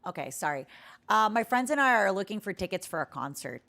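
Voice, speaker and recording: A woman's voice: mid-range voice, fairly quick, gravelly. Giggly rambling young woman streamer. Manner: rambling, giggly, excitable storytelling. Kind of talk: casual chat with viewers.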